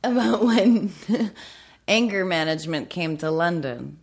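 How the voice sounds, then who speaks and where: A woman's voice: lowish voice, lively intonation, unhurried, gravelly, husky. A woman chiming in on a podcast chat, prompting stories with hesitant interjections. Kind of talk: casual chat.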